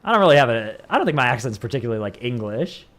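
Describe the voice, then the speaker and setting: Rapid-fire speech with big pitch swings marks this man's medium, somewhat bright voice. He's a Northern Californian livestreamer from the Bay Area who rambles to his viewers, frequently saying "like."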